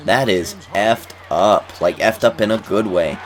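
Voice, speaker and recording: Low-voiced young man rambling over gameplay. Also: unhurried, hardly any pauses. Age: 20s. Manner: rambling, chuckling, repeats words. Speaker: gaming YouTuber.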